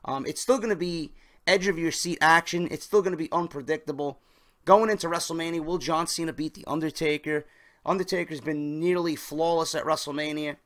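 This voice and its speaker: Higher-voiced male vlogger, casual wrestling news host who hammers key words. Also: fairly even intonation, brisk, fairly bright tone. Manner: emphatic, stresses key words, talks straight to viewers.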